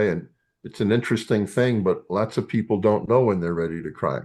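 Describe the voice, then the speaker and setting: An older man lecturing a class as a psychologist, halting and full of fillers and restarts. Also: low voice, a little mellow.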